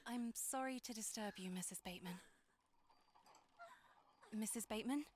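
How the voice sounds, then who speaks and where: A woman's voice: a little high, moderate pace, slight background noise, natural voice. An actress playing a formal, soothing woman nurse in a video game.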